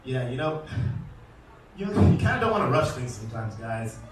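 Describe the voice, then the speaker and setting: A man presenting a live alligator show, joking with and quizzing the crowd and calling out loudly to them. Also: mid-range voice, sing-song, normal speed. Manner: calls out loudly to the audience. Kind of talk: live comedic animal demonstration. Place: outdoor show arena. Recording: echoey, distant outdoor recording with faint noise.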